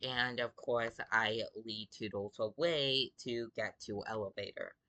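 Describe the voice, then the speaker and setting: A man's voice: lowish voice, steady tone, a little slow, pushed and bright. A man who is sick gives casual commentary as he reads out game chat, sounding exasperated and drawling with lots of fillers. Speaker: gaming video creator.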